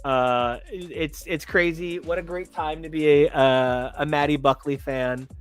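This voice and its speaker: A man's voice: on the high side, fairly even intonation, unhurried, clear, resonant tone, soft background music. A man co-hosting a casual podcast, rambling and swearing as he acts out silly imagined quotes. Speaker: podcast co-host. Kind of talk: casual chat.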